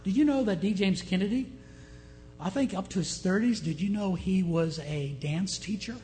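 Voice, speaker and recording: Speaking at a normal pace in a high voice, this pastor delivers a storytelling sermon over faint background music. He tells his tales with animation and keeps asking the congregation questions.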